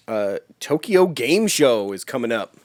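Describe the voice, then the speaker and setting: A man's voice: medium pitch, big pitch swings, a little slow, darkish tone, dry recording, studio quality. Laid-back man in casual gaming chat. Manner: laid-back, laughs often, swears, short agreeing replies. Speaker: podcast co-host.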